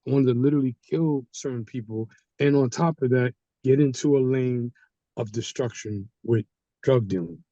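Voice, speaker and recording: Animated man telling a story, dark voice. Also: medium pitch, moderate pace, dry recording, highs cut off. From Haitian community. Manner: animated, acts out quoted people. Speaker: guest storyteller. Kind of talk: casual storytelling. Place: studio.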